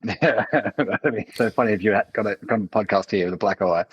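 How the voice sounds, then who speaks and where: Low, husky co-host, relaxed and amused. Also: male voice, fairly quick, lo-fi sound. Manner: laid-back, amused interjections. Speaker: podcast co-host. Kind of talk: casual chat.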